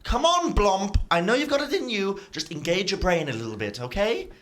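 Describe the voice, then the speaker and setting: A man's voice: sits high, very animated, a little fast, a bit bright, pitched above the performer's own voice. A man voicing the smart, bossy head of a two-headed giant, scolding its dim partner. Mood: exasperated. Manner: scolding, impatient. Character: smart bossy male ettin head, exasperated.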